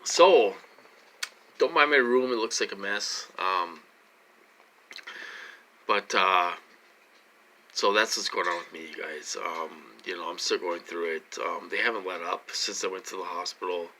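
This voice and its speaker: A vlogger talks straight to his audience from his own room in a casual monologue that rambles, repeats itself and is heavy with fillers. His low voice moves at a measured pace with frequent pauses and a sharp tone, over a little hiss or hum.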